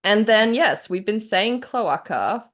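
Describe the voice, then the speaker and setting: A woman's voice: mid-range voice, animated, takes it slowly, fairly bright tone. An Australian woman co-hosting a podcast in casual, playful chat, laughing often. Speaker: podcast co-host.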